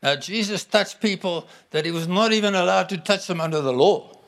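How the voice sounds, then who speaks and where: High-voiced man preaching a sermon. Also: a little fast, gravelly, fairly bright tone. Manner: conversational, declaring scripture with emphasis.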